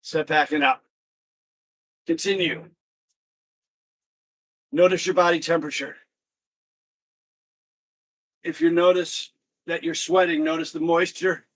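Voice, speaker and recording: A man leading an online exercise class, energetic, calling out counts and shouting encouragement to students by name. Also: a little high, slow pace, pauses often.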